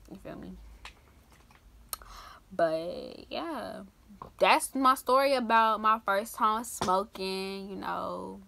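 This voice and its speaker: A young woman vlogger telling a story casually, full of slang, swinging from loud outbursts to hushed asides. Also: medium pitch, slow, creaky, pauses often, a little hiss or hum.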